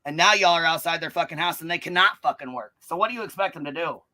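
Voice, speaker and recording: A woman hosting a live stream, ranting and calling people out in a combative, profanity-heavy way, with a notably low, bass-heavy voice. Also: fast talker, pushed and bright. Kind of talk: live-stream commentary rant.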